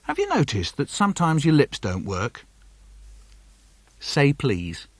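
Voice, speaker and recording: A man reading his own children's poems for a studio cassette in an animated, comic way, slipping into lively character voices. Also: a little high, takes it slowly. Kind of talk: playful poetry reading for children.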